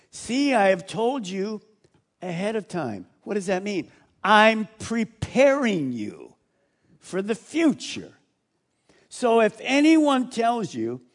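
A middle-aged male pastor preaching a sermon, reading scripture aloud with swings between loud declaration and hushed asides. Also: sits high, takes it slowly. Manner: animated preaching, voices scripture loudly then drops to hushed asides.

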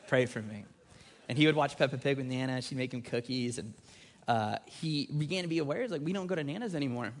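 A man in his thirties preaching a sermon with energetic, conversational emphasis that rises on key points. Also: medium pitch. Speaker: pastor.

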